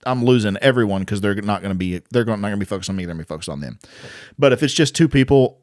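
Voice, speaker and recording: A man's voice: on the low side, lively intonation, rapid-fire, no room sound, clean studio sound. A young man co-hosting a casual chat about stand-up comedy, explaining his views in a laid-back way. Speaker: podcast co-host, aspiring comedian.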